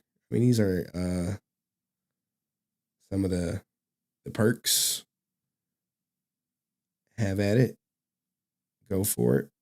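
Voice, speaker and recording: Man, very low voice, unhurried, casual reaction commentary, laid-back rambling. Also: gravelly, darkish tone. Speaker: host.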